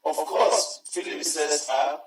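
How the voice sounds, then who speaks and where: Guy preaching real slow, highish voice, booming church echo, mic kinda far. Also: expressive. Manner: emphatic, repeats phrases, rises to shouts. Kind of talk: sermon. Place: large church hall. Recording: very echoey church hall, mic far off, faint music.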